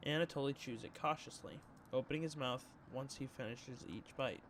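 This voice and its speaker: A man's voice: mid-range voice, moderate pace, a bit bright, a little hiss or hum. A young man streaming, reading a story game aloud in a casual tone, with slang asides. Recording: game music behind voice.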